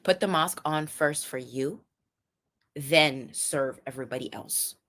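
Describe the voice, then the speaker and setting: A young woman talks straight to her livestream viewers in a chatty, animated way. Her voice sits low, and she often restarts sentences mid-thought. She laughs easily between her motivational points. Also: measured pace. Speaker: live streamer giving motivational talk. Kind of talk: casual motivational livestream talk.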